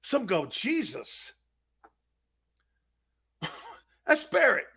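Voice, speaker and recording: Brash high-pitched animated man. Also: unhurried. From United States. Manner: brash, profane, storytelling with loud shouted quotes. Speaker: sports talk show host. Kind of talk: casual sports talk.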